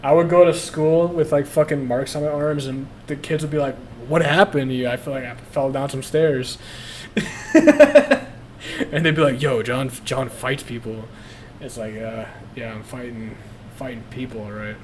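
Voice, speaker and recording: A man's voice: mid-range voice, moderate pace, a little mellow, a little hiss or hum. Profane young man confessing on stream. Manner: blunt, profane, laughs at himself. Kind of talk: casual confessional chat.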